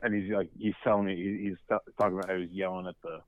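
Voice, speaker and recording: A man's voice: low-pitched, flat delivery, very fast, dry recording. A man co-hosting a podcast, telling anecdotes in casual movie chat. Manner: chatty, storytelling, with fillers. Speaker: podcast co-host. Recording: dry, tinny phone-like line.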